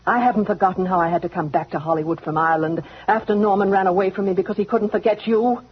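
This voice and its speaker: A woman's voice: mid-range voice, steady tone, quick pace, husky, lightly acted. An actress playing a jealous, spiteful rival woman in a 1940s radio drama, speaking in a mocking, sarcastic drawl. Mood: taunting. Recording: dull lo-fi vintage radio recording.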